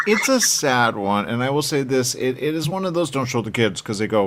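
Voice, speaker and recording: A man interviewing filmmakers, chatty and rambling, telling animated stories. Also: mid-range voice, fairly quick, a little hiss or hum. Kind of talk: festival interview.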